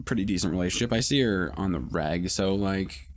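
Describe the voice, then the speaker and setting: A man's voice: deep voice, fairly quick. A man hosting a podcast, telling a rambling, profane story in casual monologue with many restarts. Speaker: podcast host.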